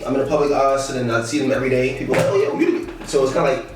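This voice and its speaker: A man's voice: mid-range voice, fairly even intonation, racing, background noise. A young man, a comedian guest, telling stories in a casual interview, slangy and laughing often. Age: young adult. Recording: echoey room, distant mic.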